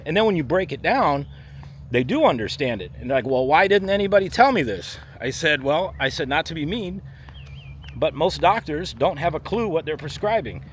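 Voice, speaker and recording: A man's voice: a little high, expressive, normal speed, fairly bright tone. Blunt man vlogging while walking. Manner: blunt, emphatic, acts out body parts in voices. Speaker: firefighter paramedic vlogger. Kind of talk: walk and talk vlog. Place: outdoors in a theme park area. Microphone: handheld camera while walking. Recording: faint street and traffic noise outside.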